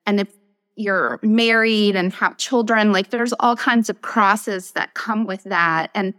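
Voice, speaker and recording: A woman hosts a faith-themed podcast and reflects aloud in a soft-spoken, thoughtful way. Her pitch is ordinary for a woman, and her voice carries a long, hall-like reverb. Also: slow pace. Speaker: podcast host. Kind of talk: conversational interview.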